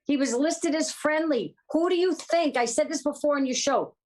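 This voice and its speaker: A woman's voice: sits high, moderate pace, a little mellow. A woman guest on a political talk show, talking emphatically and repeating her points.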